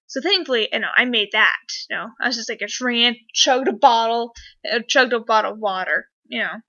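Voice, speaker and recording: Bright-voiced young woman rambling excitedly. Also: on the high side, fairly quick. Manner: rambling, filler-heavy, excitable. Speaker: vlogger. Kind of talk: casual storytelling to camera. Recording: dull lo-fi webcam audio.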